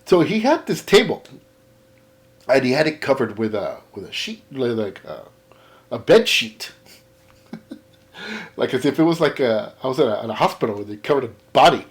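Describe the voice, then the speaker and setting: A man from Texas, telling a casual vlog story about a garage sale, laughing often and acting out both sides of the chat. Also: medium pitch. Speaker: comic collector vlogger.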